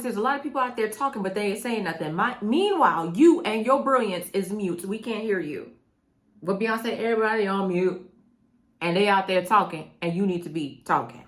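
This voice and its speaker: A middle-aged woman coaching her viewers on mindset, talking straight to them in an emphatic, preachy way that keeps repeating phrases. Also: medium pitch. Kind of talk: motivational talk to camera.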